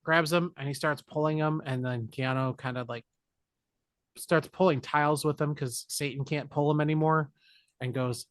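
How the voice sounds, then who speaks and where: A man's voice: fairly high pitch, normal speed, no room sound, studio quality. A man co-hosting a podcast, casually and jokingly retelling a film plot and acting out the characters' lines. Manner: animated, jokey retelling with put-on character lines. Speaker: podcast co-host. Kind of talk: casual movie recap chat.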